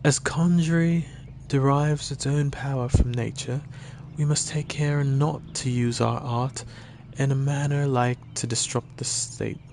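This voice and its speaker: A man voices a stately elf conjurer on stream, putting on a mixed Scottish-Irish accent for solemn, formal, old-fashioned lines. His medium-pitched voice is steady, unhurried, and darkish in tone, lightly acted, with slight background noise.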